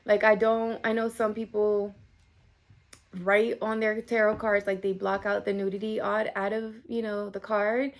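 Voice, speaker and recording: A woman's voice: mid-range voice, level tone, measured pace. A woman in her thirties giving a casual tarot reading to camera, chatty, full of fillers, and swearing now and then. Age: 30s. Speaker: tarot reader.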